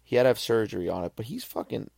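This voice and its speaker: A man's voice: on the low side, animated, very fast, gravelly, a little mellow, husky, no room sound, studio quality. A man hosting a podcast, reviewing a film in a loose, rambling monologue full of swearing and restarts. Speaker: podcast host.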